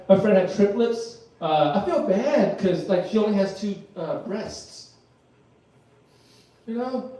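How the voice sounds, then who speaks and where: A man's voice: high-pitched, mellow. A man doing live stand-up comedy, rambling and laughing at his own jokes, in front of an audience. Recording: echoey room, mic far off.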